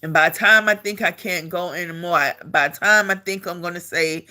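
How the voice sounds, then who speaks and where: A middle-aged woman with a bright, tense voice tells an army story in an animated, casual way. She repeats words and phrases as she goes and laughs as she talks, the way someone does when talking to the camera. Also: fairly low pitch, a little fast, hardly any pauses. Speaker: army veteran telling a story.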